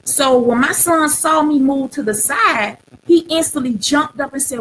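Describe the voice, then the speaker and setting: A woman's voice: high-pitched, a little slow, few pauses, a bit bright, a little hiss or hum, low-quality recording. A middle-aged woman hosting a live talk show, sharing her own story in an earnest, preacher-like way and repeating phrases for emphasis. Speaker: host.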